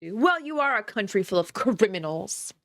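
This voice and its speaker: A woman's voice: medium pitch, sing-song, moderate pace. A woman streamer reacting to a documentary, making sarcastic jokes and asides in a casual chat style. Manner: sarcastic, joking asides with laughs.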